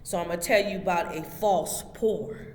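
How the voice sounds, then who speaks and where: A woman's voice: lowish voice, normal speed, darkish tone. Woman preaching emphatically in an echoey hall. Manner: emphatic, preachy, direct address to listeners. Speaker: host. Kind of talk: motivational spiritual talk. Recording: echoey hall with faint background noise.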